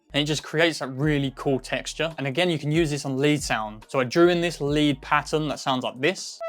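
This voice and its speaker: A man hosting a music production tutorial, explaining steps in a relaxed way with frequent filler words. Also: on the high side. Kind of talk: screen-recorded production tutorial.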